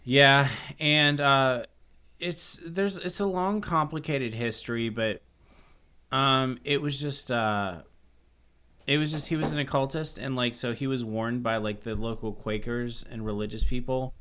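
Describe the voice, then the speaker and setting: A male podcast co-host in a loose, joking chat. His voice is bright and sharp-edged, and he rambles with lots of fillers and casual swearing. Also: mid-range voice, a little slow, clean tone. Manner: rambling, jokey, swears freely.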